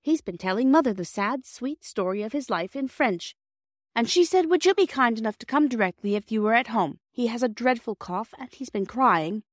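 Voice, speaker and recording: A woman's voice: a little high, lively intonation, moderate pace, no echo, clean studio sound, pitched above the performer's own voice. A woman voicing an earnest, kind young girl in a storybook reading, speaking in a breathless, pleading way.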